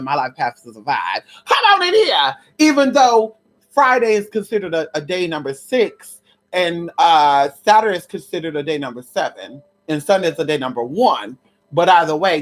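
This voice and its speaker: Sassy chatty woman with a lively voice. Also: low voice. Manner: sassy, chatty, keeps calling listeners honey and girl; breaks into loud laughs and exclamations. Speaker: livestream host teaching conjure. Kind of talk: casual livestream chat.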